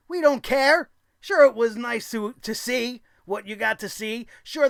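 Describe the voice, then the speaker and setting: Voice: mid-range voice, a bit bright, no echo, clean studio sound. A vlogger ranting about a wrestling show in a profane, sarcastic, exasperated way.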